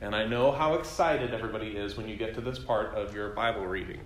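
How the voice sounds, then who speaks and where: A man's voice: fairly low pitch, quick pace. Man teaching a Bible class in an echoey room. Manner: conversational, quizzes the class, self-deprecating jokes. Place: classroom with a group.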